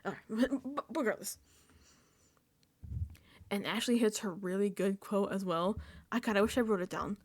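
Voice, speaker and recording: A woman hosting a casual reality TV recap vlog, animated and emphatic, dropping into whispered asides and swearing casually. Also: mid-range voice, moderate pace, long pauses, husky, no room sound, clean studio sound.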